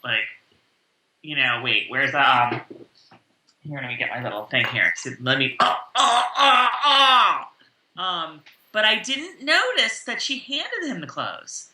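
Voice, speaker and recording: A woman co-hosting a casual recap chat, chatty and quick to laugh, with lots of fillers. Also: very deep voice, very animated, bright, forceful tone, recorded from a distance. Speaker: podcast co-host. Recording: roomy and off-mic.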